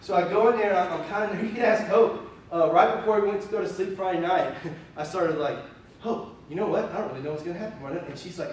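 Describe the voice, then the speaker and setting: A young male pastor preaching a conversational, candid sermon, telling stories in an animated way with plenty of fillers. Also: high voice, quick pace. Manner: candid, animated, self-deprecating, full of fillers. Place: church sanctuary. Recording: very echoey room, voice from far off, faint hiss.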